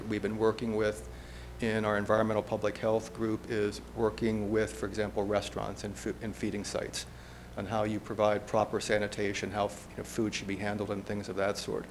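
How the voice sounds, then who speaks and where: Male health official, fairly low voice, earnest and measured, answering a board question. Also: a little hiss or hum. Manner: measured, earnest explaining with restarts.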